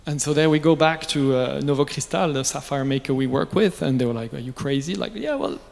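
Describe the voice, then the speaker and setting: A man with a somewhat high voice tells lively stories, joking and tossing in asides. It is a press conference, and his voice rings out in a large reverberant space. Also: fairly quick, gravelly. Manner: lively, jokey, with asides and laughs. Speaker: watch brand founder speaking at a press conference. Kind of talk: anecdotal storytelling. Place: event venue.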